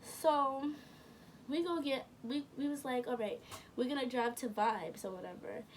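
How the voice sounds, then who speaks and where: A young woman spins a casual, slangy story, doubling back to correct herself as she goes. Her voice sits a little high, and it is picked up from a bit away from the mic, with a faint hum of room noise behind. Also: a little slow, far from the mic, low-quality recording. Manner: rambling, self-correcting, slangy. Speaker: vlogger.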